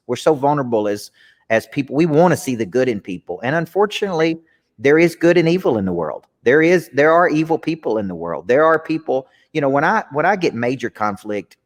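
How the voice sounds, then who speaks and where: A man's voice: mid-range voice, long reverb tail. Earnest man. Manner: earnest, reflective, repeats words when starting sentences. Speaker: business coach, guest. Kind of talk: candid interview conversation.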